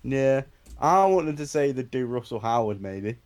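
This is a man co-hosting a casual podcast, with a very lively voice that swings up and down. He laughs a lot and tosses in quick jokes while his co-host talks. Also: mid-range voice. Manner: laughs often, quick jokey asides. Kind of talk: casual chat.

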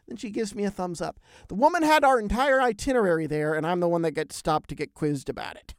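A man hosting a podcast, telling a travel story in a lively, animated way with big swings in pitch and loudness. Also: fast, hardly any pauses, clean tone, dry recording, clean studio sound. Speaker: podcast host. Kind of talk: casual storytelling chat.

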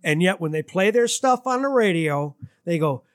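A man's voice: normal speed, no room sound, clean studio sound. A man from Detroit, a musician guest, telling stories in a casual interview, jumping his voice up for quoted lines. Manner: animated storyteller, swings his voice up high for quoted lines.

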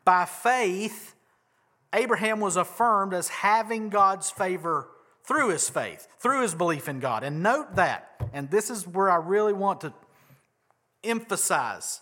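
A man's voice: high-pitched, expressive, measured pace, pushed and bright. A man preaching a conversational sermon, asking rhetorical questions and leaning hard on key words. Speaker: pastor.

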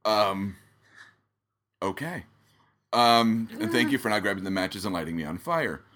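Man podcast co-host, low voice with a bright, forceful edge, rambling jokey banter, close mic. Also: a little slow. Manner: joking, rambling, many fillers and restarts. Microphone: studio microphone close up.

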